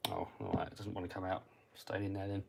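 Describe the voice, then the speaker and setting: A man's voice: sits low, very animated, quick pace, creaky, noisy background. An English man hosting a casual live stream about radio-control cars, reading out viewer comments and answering them, muttering to himself while he cleans parts. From England. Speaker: RC hobby livestream host. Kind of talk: casual live-stream chat while working on a model car.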